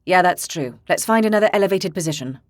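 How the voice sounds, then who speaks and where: A woman voicing a calm, decisive young male ranger leader in an audiobook, close to her own voice. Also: sits high, fast talker, no room sound.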